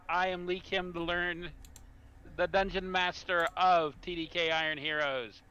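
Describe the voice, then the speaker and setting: Bright-voiced man hosting as game master. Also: sits high, flat delivery, measured pace, a little hiss or hum. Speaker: dungeon master. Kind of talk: casual live-stream game hosting.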